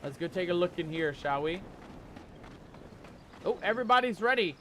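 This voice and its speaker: A man's voice: high-pitched, animated, moderate pace, background noise. A man commenting on his gameplay and chatting with viewers, with playful pirate-style banter. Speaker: gaming channel host.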